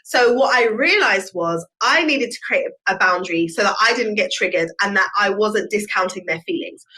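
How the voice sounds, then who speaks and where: A woman's voice: mid-range voice, sharp tone, poor audio. A woman, hosting a solo podcast in an earnest, reflective way with personal examples. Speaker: podcast host.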